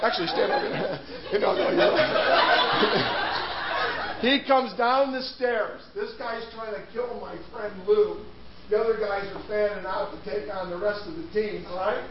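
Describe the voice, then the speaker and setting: A man's voice: sits high, unhurried, dull audio, crowd noise. A man preaching a sermon, telling a story with laughs and restarts before turning to scripture. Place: church hall.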